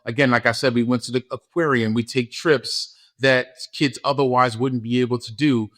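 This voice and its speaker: A man's voice: medium pitch, fairly even intonation, normal speed, fairly bright tone. A man, a school principal talking about his work in a casual podcast interview, earnest and often repeating himself. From New York. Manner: earnest, repeats words, gets emotional.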